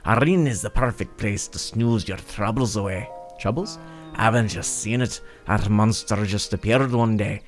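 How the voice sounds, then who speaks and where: A man's voice: fairly low pitch, moderate pace, soft background music, lightly acted. A man doing a chatty bird innkeeper, mock Scottish lilt. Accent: mock Irish-Scottish. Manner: chatty, rambling.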